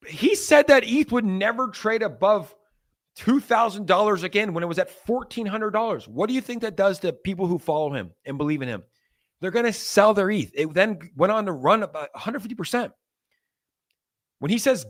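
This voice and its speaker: A young man hosting a crypto livestream, talking to viewers in a loose, animated, ranting way. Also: sits high, moderate pace. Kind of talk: casual livestream talk.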